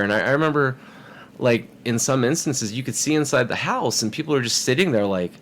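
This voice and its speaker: Low-voiced man telling a car story. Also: brisk, slight background noise. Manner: animated, acts out quoted voices. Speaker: podcast guest. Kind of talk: casual storytelling.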